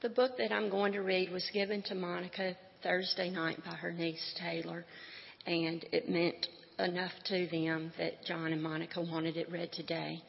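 A woman reading a children's book aloud at a funeral, slowly and carefully, in a dull, echoey hall recording. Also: on the low side, flat delivery, creaky. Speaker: reader at a funeral.

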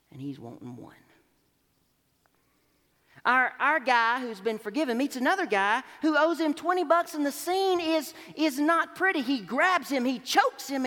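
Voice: mid-range voice, bright, forceful tone. A pastor preaching a sermon, telling a parable and acting out its voices, in a church sanctuary. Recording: long hall reverb.

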